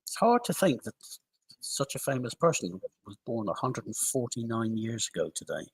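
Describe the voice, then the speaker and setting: A husky man with a middle-pitched voice reads through a music news list on a live stream. He goes from item to item at a steady pace and adds short asides now and then. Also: normal speed, poor audio. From United Kingdom. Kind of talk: reading a list of deaths and birthdays.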